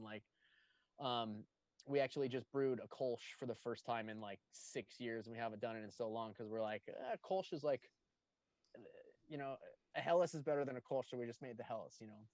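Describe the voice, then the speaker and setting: A man's voice: mid-range voice, no echo. A man chatting casually about his brewery, enthusiastic and rambling with many fillers. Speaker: brewery staff guest. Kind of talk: casual chat. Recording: dull lo-fi dry sound.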